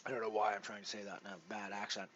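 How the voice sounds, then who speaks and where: Rambling man streaming poker, loudness swinging. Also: lowish voice, little pitch movement, racing, dull audio, a little hiss or hum. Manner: rambling, with many restarts and big swings in loudness. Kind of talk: casual live-stream commentary. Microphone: headset.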